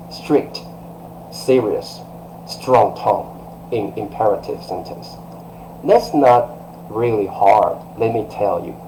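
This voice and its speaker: Slow, patient male teacher. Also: fairly low pitch, darkish tone, slight background noise, rough recording. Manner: patient explaining, repeats examples with emphatic demonstrations. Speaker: Chinese teacher. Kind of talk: live online language lesson.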